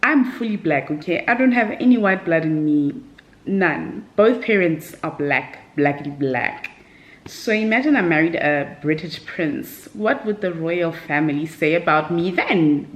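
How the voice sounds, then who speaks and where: Candid woman, low voice. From South Africa. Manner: rambling, candid, tearful at times. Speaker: vlogger. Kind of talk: emotional personal vlog. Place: home at night.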